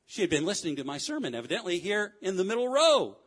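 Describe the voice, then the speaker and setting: A male pastor delivers a sermon to his church, his voice unusually high and full of leaps in pitch. He moves from fervent, raised cries down to low, quiet asides and back again. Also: sing-song, fairly quick. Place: church sanctuary.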